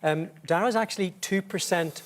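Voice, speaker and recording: A man's voice: high-pitched, moderate pace. A middle-aged man hosting a chat show, teasing his guests with playful prompts. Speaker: talk show host.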